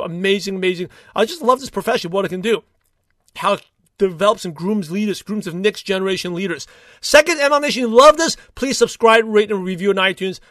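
A man hosting a solo podcast, talking in an upbeat, rambling way with quick asides and restarts. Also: sits high, a bit bright, no echo, clean studio sound. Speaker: podcast host. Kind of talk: solo motivational podcast talk.

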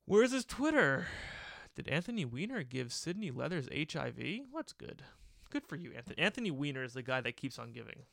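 A man's voice: mid-range voice, very animated, quick pace, gravelly, fairly bright tone. A young man talks through a casual solo podcast from his bedroom, rambling and crude, and he keeps cracking himself up. His voice sits in a middle register. The sound is dry and close, with no room echo. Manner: rambling, crude and jokey, with bursts of laughter. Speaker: podcast host.

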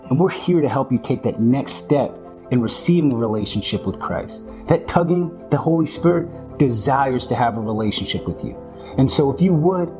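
Male church elder, mid-pitched voice, earnest altar-call prayer over music. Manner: earnest, leading a prayer line by line.

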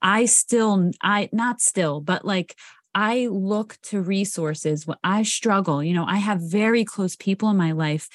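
A woman co-hosts a podcast about recovery, talking candidly in casual chat, swearing freely and laughing often. Her mid-range voice is a little slow, in a dry recording with clean studio sound.

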